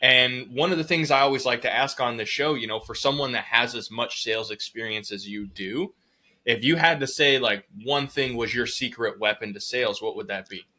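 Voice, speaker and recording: Chill podcast host guy, bright voice, swears a lot, tells stories acting out everyone. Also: mid-range voice, fairly quick. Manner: laid-back, swears casually, acts out quoted voices. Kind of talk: casual chat.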